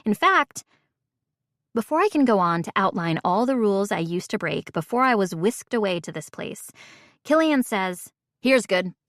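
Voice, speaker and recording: Audiobook narrator: woman, mid-range voice, wry measured first-person read, dry booth sound. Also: mid-range voice, lively intonation, no echo.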